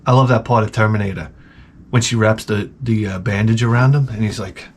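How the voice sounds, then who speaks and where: A man's voice: lowish voice, brisk, a little hiss or hum. A man hosting his own channel, talking in a rambling, offhand way with lots of fillers and restarts. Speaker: channel host. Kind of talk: rambling casual monologue.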